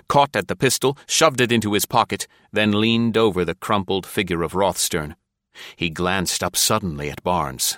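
A man narrating an adventure story in a measured, even storytelling manner. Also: low voice, no echo, studio quality. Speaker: audiobook narrator. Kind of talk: scripted narration.

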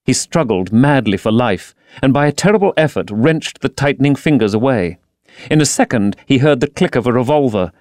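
A man narrating an audiobook in a slow, measured, dramatic reading. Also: mid-range voice, a little mellow, no echo, studio quality.

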